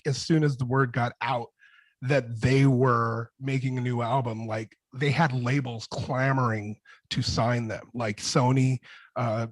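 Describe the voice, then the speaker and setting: A man speaks as a music producer on a panel, telling stories in a loose, rambling way full of restarts. His voice sits in a middle pitch. The sound is dry and close, as on a video call. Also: no echo. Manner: rambling, animated anecdotes with many restarts. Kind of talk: casual panel storytelling. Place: home studio with bright colors behind.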